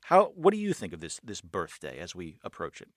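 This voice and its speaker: Low-voiced male radio host. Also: huge pitch swings, a little fast, dry recording, studio quality. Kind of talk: radio talk show hosting.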